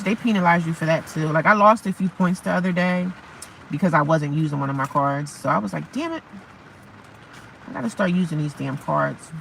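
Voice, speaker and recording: A woman's voice: fairly low pitch, creaky, fairly bright tone, a little hiss or hum, poor audio. A woman vlogging casually from her parked car in the rain, chatty and repetitive, calling her viewers honey and baby. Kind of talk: casual chat to camera.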